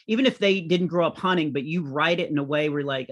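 A man's voice: fairly high pitch, fast talker. A middle-aged man, a comedian and author, telling anecdotes in a conversational interview. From United States. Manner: animated anecdotal storytelling.

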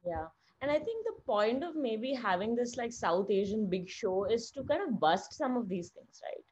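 A woman's voice: a little high, sing-song, normal speed, darkish tone, breathy edge. A woman in a casual podcast chat, giving blunt, heated opinions full of likes and restarts. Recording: slightly dull lo-fi sound.

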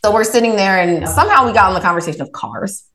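A woman's voice: mid-range voice, fast talker. A woman, a podcast guest, telling a personal story casually, acting out the back-and-forth dialogue. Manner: animated, retells her own dialogue with lots of "I was like". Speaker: podcast guest, author and reiki practitioner.

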